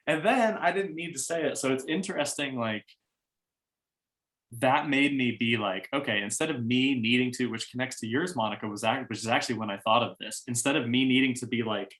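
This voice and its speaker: A man's voice: mid-range voice, a little fast, fairly bright tone. A young man on a video call, talking candidly in a casual group share, swearing often and filling his talk with "like". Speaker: workshop facilitator.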